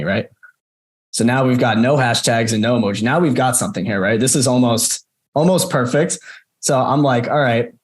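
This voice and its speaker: Casual man teaching over a call. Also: mid-range voice. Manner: conversational, frequent "right?" tags, addresses students by name. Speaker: course instructor. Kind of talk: casual screen-share walkthrough.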